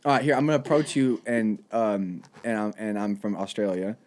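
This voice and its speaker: A man's voice: lowish voice, steady tone, brisk, darkish tone. A man hosting a comedy podcast in a casual chat, playful and laughing a lot as he sets up silly bits. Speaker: podcast host.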